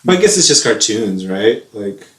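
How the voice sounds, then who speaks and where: A man in his thirties, co-hosting a podcast in relaxed, rambling chat that is full of laughs. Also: on the low side, normal speed. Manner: chatty, rambling, laughs often. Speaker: podcast co-host. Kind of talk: casual chat. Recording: roomy echo.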